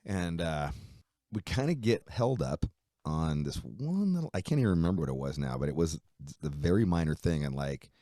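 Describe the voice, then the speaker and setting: A man's voice: sits low, normal speed, no room sound, studio quality. A middle-aged man, a musician, telling a story in a casual interview with lots of swearing and fillers. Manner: profane, animated retelling with frequent fillers. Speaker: musician guest.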